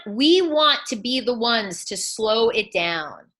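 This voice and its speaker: A woman coaching live on a video call, acting out client conversations in an animated way. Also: fairly high pitch, slow. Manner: animated, acts out dialogue. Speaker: coaching school founder.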